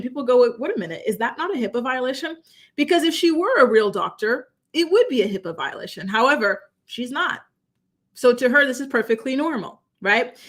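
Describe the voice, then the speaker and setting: Chatty woman host, higher voice. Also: fairly bright tone. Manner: chatty, incredulous, asks many rhetorical questions. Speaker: commentary host. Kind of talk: casual celebrity gossip commentary.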